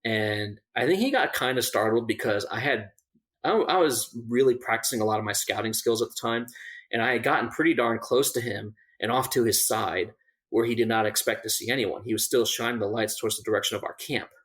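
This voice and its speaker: A man's voice: mid-range voice, brisk, fairly bright tone. A man, a survival instructor, casually telling a story on a podcast, with many fillers and restarts and laughing at the funny parts. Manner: laughs through funny moments.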